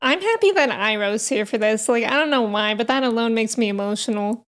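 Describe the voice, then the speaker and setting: A woman's voice: a little high, music in the background. Emotional woman gushing over a show. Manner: expressive, gushing fan, quick to outrage and tears. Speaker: reaction video host. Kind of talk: emotional reaction commentary. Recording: show audio playing under her voice.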